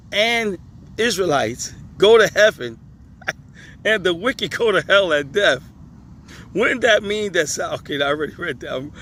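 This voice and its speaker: Emphatic man, on the higher side, reading and commenting outdoors with traffic behind; quick to laugh. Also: bright, forceful tone. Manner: laughing, emphatic, talks back to the page. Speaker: religious commentator. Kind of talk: reading questions aloud with commentary. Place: outdoors on a hot day, traffic nearby.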